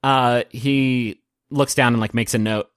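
A man running a tabletop game, narrating scenes in a halting way that is full of fillers. His voice sits at an ordinary pitch. The sound is close and dry. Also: fairly even intonation, smooth, no echo. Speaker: game master.

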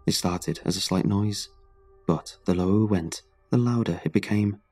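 Male horror narrator, very low, mellow tone, faint music under. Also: husky. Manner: measured, dramatic storytelling. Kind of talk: scripted horror story narration.

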